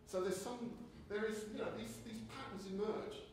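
A man giving a conference lecture, animated and conversational, often restarting his sentences. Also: sits high, normal speed, a little hiss or hum. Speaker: keynote speaker. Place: lecture hall. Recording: echoey hall, voice from a distance.

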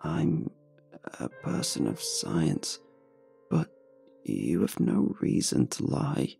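A man voicing a frail, ghostly hospital patient woman who speaks in a soft, hushed way. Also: rumbling low, wildly swooping pitch, slow pace, gravelly, faint music behind, pitched below the performer's own voice, heavily acted.

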